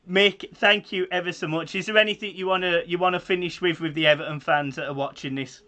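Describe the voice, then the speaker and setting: Young man, fan show host, eager, friendly, laughs along, bright sharp tone, fairly high voice. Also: fairly even intonation, a little fast. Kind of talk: fan channel interview.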